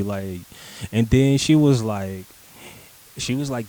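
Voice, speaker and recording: A man's voice: medium pitch, expressive, moderate pace, a little mellow, poor audio. A young man casually telling a personal story, rambling and profane, with lots of filler words, acting out his own replies. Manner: rambling and profane, heavy use of "like", acts out his own lines.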